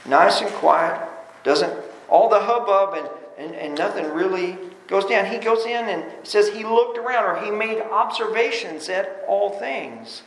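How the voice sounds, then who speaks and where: A man with a high voice preaches in a church, the sound ringing around a roomy space. He talks animatedly, leaping from loud bursts to low asides and often doubling words as he restarts. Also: a little slow. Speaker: pastor. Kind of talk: sermon. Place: church sanctuary. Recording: roomy echo.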